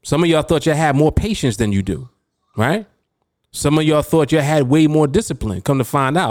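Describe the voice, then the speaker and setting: A man's voice: on the high side, expressive, normal speed, a little mellow, no room sound, studio quality. A man hosting a podcast as a trading coach, talking casually and emphatically, reading out chat comments and laughing often.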